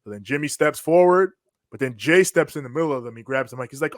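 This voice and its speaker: A man's voice: medium pitch, fast talker, no echo. Slangy man recapping wrestling, dry sound. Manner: animated storytelling with slang, acting out quotes. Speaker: podcast co-host. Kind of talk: casual wrestling recap chat.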